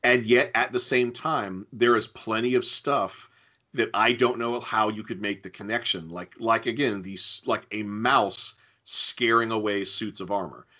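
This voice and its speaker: A man co-hosting a casual podcast chat about old adventure games, wry and quick to laugh. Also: fairly low pitch, fairly even intonation, sharp tone. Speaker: podcast co-host.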